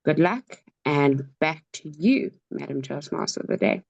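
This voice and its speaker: A woman giving measured, formal feedback on a speech at a meeting. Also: deep voice, expressive, vocal fry, darkish tone, highs cut off.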